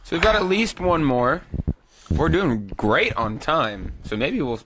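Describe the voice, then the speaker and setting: A man hosting a casual beer-tasting podcast, relaxed and a little crude, keeping the talk moving. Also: on the high side, unhurried, noisy background. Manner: relaxed, swears casually, keeps the show moving. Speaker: podcast host.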